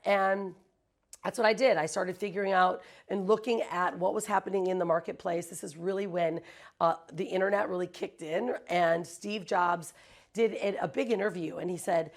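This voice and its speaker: A woman in her forties talks as an interview guest, with a gravelly fry running through her mid-pitched voice. She tells her story conversationally and acts out the voices of the people she quotes. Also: normal speed, roomy sound, rough recording. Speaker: interview guest, branding agency founder.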